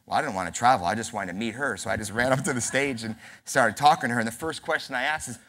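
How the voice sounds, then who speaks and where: A man's voice: medium pitch, quick pace, hardly any pauses, a bit bright. A man in his early forties, from New York, giving a humorous, self-deprecating keynote speech at a convention center. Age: early 40s. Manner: storytelling with acted dialogue. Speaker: keynote speaker.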